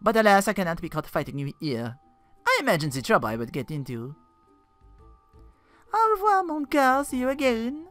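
A woman's voice: medium pitch, huge pitch swings, a bit bright, soft background music, pitched above the performer's own voice. A woman voicing a flirty, scheming female jester with a put-on French accent, drawing her words out teasingly. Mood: mocking. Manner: purring, drawn-out, teasing.

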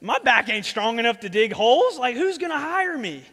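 Man putting on a fretful fired manager, high and whiny, hall reverb. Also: very animated, normal speed, bright, forceful tone, full character voice. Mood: panicky. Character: panicked fired male manager, self-pitying.

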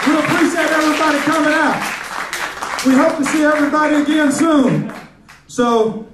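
A man's voice: extremely high pitch, fairly even intonation, normal speed, a bit bright, echoey room, distant mic, a faint crowd, a little hiss or hum, rough recording. A male stand-up comedian, telling jokes loosely on a club stage. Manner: loose, joking storytelling.

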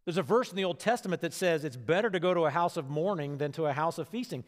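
Preaching pastor in a reverberant church. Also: male voice, on the high side, fast. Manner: conversational preaching, swings between hushed and animated. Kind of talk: sermon. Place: church sanctuary. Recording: long hall reverb.

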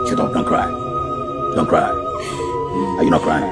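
A man's voice: moderate pace, close to an everyday voice. An actor playing a young Nigerian man who barks orders at a pleading mother, then turns remorseful. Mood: harsh. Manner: harsh shouted orders, shifting to remorseful. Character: young man torn between threats and remorse. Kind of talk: film drama acting. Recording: film scene under loud music score. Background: loud music.

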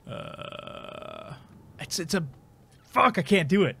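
A man's voice: high-pitched, big pitch swings, slow, vocal fry, sharp tone, breathy edge. A man with a congested voice giving casual, rambling, self-mocking commentary while playing a video game. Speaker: gameplay commentator. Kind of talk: casual let's play commentary.

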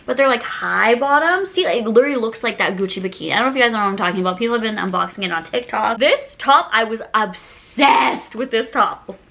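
A woman's voice: on the high side, pushed and bright. A young woman chatting casually through a shopping haul, bubbly and self-mocking, often breaking into giggles. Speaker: vlogger.

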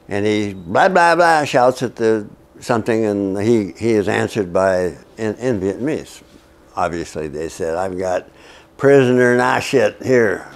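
An older man, a veteran interviewee, telling a personal story in a wry, frank way with halting restarts. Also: on the low side, a little mellow.

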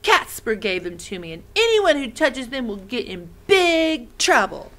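A woman voicing a possessive, bratty boy who shouts his lines in a read-aloud story. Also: on the high side, big pitch swings, measured pace, pitched above the performer's own voice. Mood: angry shouting. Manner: shouting, demanding.

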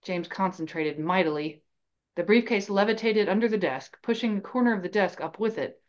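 Reading a fan novel on her podcast, this woman keeps a calm, consistent storytelling tone at a normal pace. Her voice is mid-range, captured on a somewhat dull recording.

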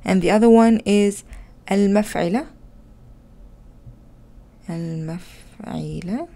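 A woman teaching an Arabic grammar lesson. She explains in English, reads Arabic example words aloud and often corrects herself with a quick "sorry.". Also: medium pitch, creaky, warm tone, slight background noise. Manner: self-correcting, with frequent "uh, sorry" slips.

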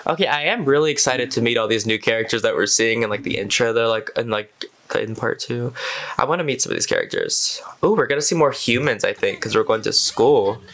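A man's voice: medium pitch, sing-song, brisk, vocal fry, fairly bright tone, a little hiss or hum, rough recording. A man hosting a reaction video, chatting casually and exclaiming at what he watches.

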